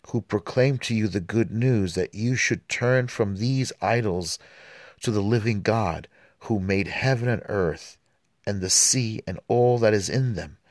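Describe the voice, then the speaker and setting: A man hosting a podcast who reads the Mass prayers and scripture aloud, with relaxed, filler-filled asides between the readings. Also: fairly low pitch, a little slow, no room sound, studio quality.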